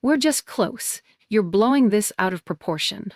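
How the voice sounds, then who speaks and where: A woman's voice: medium pitch, lively intonation, a little slow, no echo, clean studio sound. A woman reading the lines of a smug, mocking sister. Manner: mocking, dismissive.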